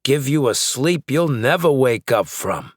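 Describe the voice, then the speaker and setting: A man's voice: medium pitch, sing-song, a little slow, no echo, studio quality, pitched above the performer's own voice. A man voicing a volatile male gunman who taunts in a sing-song way and roars when angered, in an audiobook. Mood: sing-song taunting.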